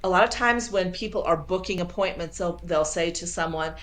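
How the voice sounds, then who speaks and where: Energetic woman sales coach, lowish voice. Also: brisk, few pauses. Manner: energetic, enthusiastic, acts out quoted dialogue. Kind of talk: casual interview.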